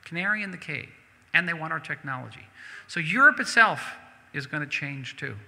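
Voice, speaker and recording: A man's voice: a little high, animated, a little fast, creaky, pushed and bright. A man, a diplomat, answering audience questions at a synagogue event in an emphatic, conversational way, repeating words as he goes. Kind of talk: public Q&A answer. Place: synagogue hall. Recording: hall reverb.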